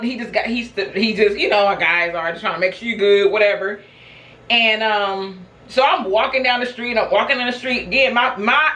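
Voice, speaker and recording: A woman's voice: a little high, sharp tone, reverberant, rough recording. A woman vlogger telling a personal story in a casual, chatty way, laughing often and talking straight to her viewers. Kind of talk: casual storytelling while snacking.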